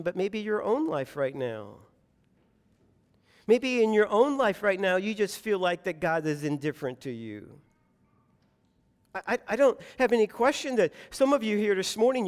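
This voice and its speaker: Impassioned high-voiced male preacher in a reverberant hall. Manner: impassioned, voices anguished prayers, repeats phrases. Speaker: pastor. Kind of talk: sermon. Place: church sanctuary.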